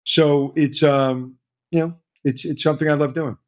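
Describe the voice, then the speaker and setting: A man's voice: a little high, normal speed. A middle-aged man, a hotel consultant telling stories energetically in an interview, repeating himself as he talks. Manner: energetic storyteller, repeats himself, quotes others. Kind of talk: conversational interview.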